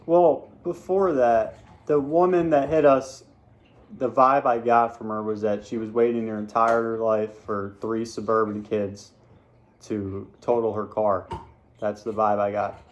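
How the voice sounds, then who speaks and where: A man's voice: lowish voice, steady tone, unhurried, lo-fi sound. A young man chatting casually as a co-host, adding details to the story with a lot of fillers. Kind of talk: casual chat.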